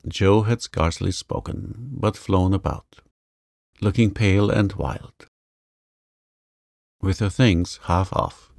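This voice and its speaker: Calm deep male sleep-story narrator. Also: creaky, dry recording, clean studio sound. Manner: calm, gentle.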